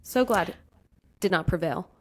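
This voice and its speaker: A woman's voice: on the low side, normal speed. Chatty woman in her thirties. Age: 30s. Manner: animated storytelling, acts out quoted dialogue. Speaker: podcast co-host. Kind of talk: casual chat.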